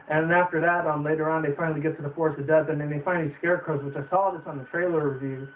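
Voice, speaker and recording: A man's voice: a little high, fairly even intonation, very fast, recorded from a distance. A young man reviewing a movie in a rambling casual way, swearing often and using lots of fillers. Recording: tinny phone-like roomy sound from afar.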